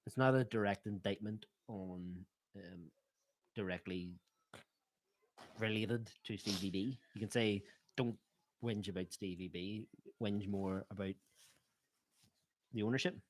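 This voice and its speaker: A man's voice: fairly low pitch, fairly even intonation, a little slow, pauses often, slight background noise. Man teasing his mate in casual banter. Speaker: co-host of a football watchalong. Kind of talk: casual chat.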